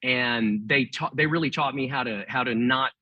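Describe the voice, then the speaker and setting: A man's voice: medium pitch, normal speed, no echo, lo-fi sound. A middle-aged man from Texas, a ventriloquist guest, chatting casually in an interview, laughing often and restarting sentences.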